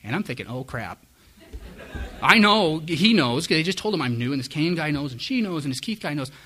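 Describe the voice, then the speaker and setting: On the high side and sing-song, his brisk voice sounds pushed and bright. A middle-aged man testifies before a live audience, frankly and candidly recounting his own recovery while mocking himself.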